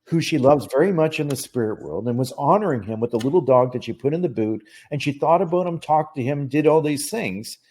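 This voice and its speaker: A man with a slightly high voice recounts a story as a guest in a conversation. He speaks earnestly and with animation, jumping into the voices of the people he quotes. He often restarts his sentences and repeats phrases for emphasis. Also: a little fast, few pauses. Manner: animated, acts out quoted dialogue. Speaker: psychic medium guest.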